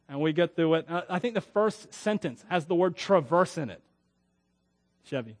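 Man, pastor, high voice, middle-aged, casual joking sermon, laughs between lines. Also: animated, moderate pace. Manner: conversational and joking, laughs often, reads scripture aloud with emphasis.

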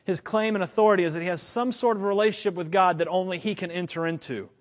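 A man preaching a sermon, animated, chuckling and repeating lines for emphasis. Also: sits high, fast talker. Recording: long reverb of a large hall.

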